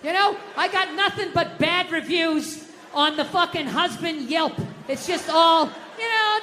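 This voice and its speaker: Man, middle-aged, stand-up comedian, profane ranting, forceful bright tone, long hall reverb. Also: very high voice, normal speed. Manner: profane, ranting, bursts into shouting. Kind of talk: stand-up storytelling. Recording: live hall reverb, faint noise.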